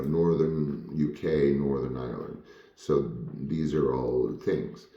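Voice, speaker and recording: Man, very low dark voice, casual rambling storyteller, frank and full of fillers. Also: roomy sound, highs cut off. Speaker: former child actor telling stories.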